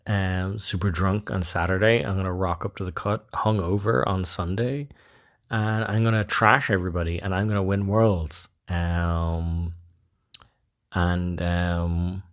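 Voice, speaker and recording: Low, slow, cocky man. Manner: cocky, swearing, lots of ums. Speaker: caller. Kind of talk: recorded voice message.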